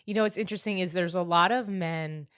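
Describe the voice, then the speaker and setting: A woman's voice: on the low side, fast, a bit bright, clean tone, dry recording, clean studio sound. A woman guesting on a podcast, talking frankly and asking curious questions. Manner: curious, frank, backchannels often. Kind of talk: casual chat.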